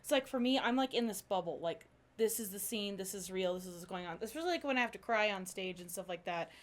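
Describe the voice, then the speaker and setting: Woman podcast host, rapid chatty talk, lots of "like", laughs easy. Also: medium pitch, lively intonation. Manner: chatty, laughing, says "like" and "you know what I mean" a lot. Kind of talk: casual interview chat.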